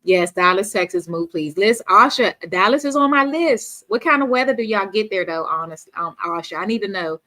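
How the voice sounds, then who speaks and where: A woman's voice: mid-range voice, animated, moderate pace, few pauses, pushed and bright. A woman from D.C. hosting a casual livestream, chatting with viewers and reading their comments aloud. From Washington, D.C.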